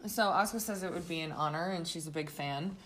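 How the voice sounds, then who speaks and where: A woman's voice: on the low side, quick pace. A woman co-hosting a podcast, recapping a show in casual chat, laughing often and acting out quotes. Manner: giggly, animated storytelling with quoted asides. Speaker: podcast co-host.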